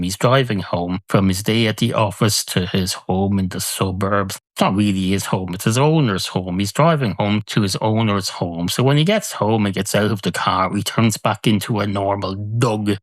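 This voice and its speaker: A man's voice: fairly low pitch, moderate pace, hardly any pauses, no echo. A man hosting a comedy podcast alone, rambling through silly musings and correcting himself mid-thought. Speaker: podcast host. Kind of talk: comedic solo monologue.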